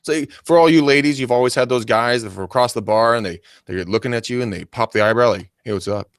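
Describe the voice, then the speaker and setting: A man co-hosting a casual coaching chat, animated and acting out silly greetings as he talks. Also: mid-range voice, quick pace, smooth, no room sound, studio quality. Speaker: podcast co-host.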